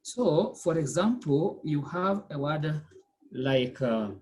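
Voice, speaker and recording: A language teacher drilling pronunciation in class, with a voice that swings up and down a lot. The pitch sits in a middle register, and the teacher keeps firing questions and confirming with short check-ins. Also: animated, takes it slowly, a little mellow. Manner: quizzing, checks in with "okay?" and "eh?"; repeats and drills words patiently.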